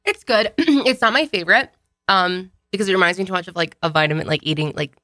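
A woman's voice: fairly low pitch, fast talker, bright, forceful tone, no echo, clean studio sound. A young adult woman chatting casually on a podcast, hesitant and thoughtful, with many fillers. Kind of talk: casual chat.

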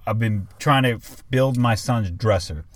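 A man's voice: fairly low pitch, unhurried, no echo. A young man and father co-hosting a podcast, telling a story in casual chat and swearing often. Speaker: podcast co-host.

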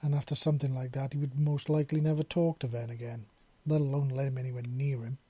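Guy reading a story, mellow husky voice, dry close sound. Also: medium pitch, level tone, fast, dry recording. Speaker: narrator.

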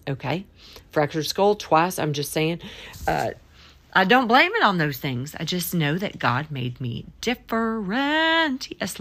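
A woman hosting a faith podcast, talking earnestly and praying aloud, playful and sometimes slipping into put-on accents. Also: on the low side. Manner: earnest, prayerful. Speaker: podcast host. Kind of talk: faith podcast monologue with spoken prayer.

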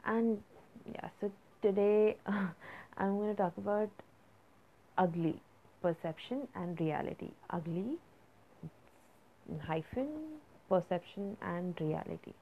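A woman's voice: medium pitch, expressive, slow pace, pauses often. A young woman hosting a casual solo podcast, rambling and hesitant, with many fillers and restarts. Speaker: podcast host. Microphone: phone app recording. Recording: phone-like lo-fi audio.

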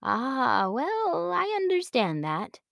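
A woman voicing a kindly older woman neighbor in a storybook, gentle and welcoming. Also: high voice, wildly swooping pitch, takes it slowly, gravelly, no echo, studio quality, voice pushed up, heavily acted.

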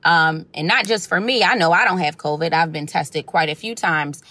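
A woman chatting casually to camera, retelling a story in an animated way and acting out the voices of the people in it. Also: fairly low pitch, moderate pace, no room sound.

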